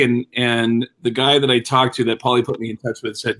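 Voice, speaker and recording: A man's voice: mid-range voice, steady tone, quick pace, fairly bright tone, rough recording. A man co-hosting a comedy podcast, telling a story in a casual, conversational way. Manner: laughing, swearing, conversational.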